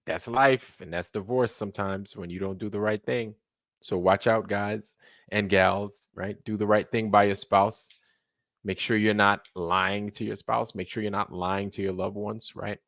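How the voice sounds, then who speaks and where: A man's voice: on the low side, fairly even intonation, measured pace, a bit bright, no room sound, clean studio sound. A man hosting a late-night livestream, rambling casually and profanely while answering viewers in the chat. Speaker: livestream host.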